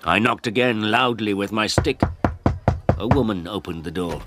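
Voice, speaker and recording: Deep-voiced man reading a story. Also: normal speed, music in the background. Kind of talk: scripted first-person story narration for English learners.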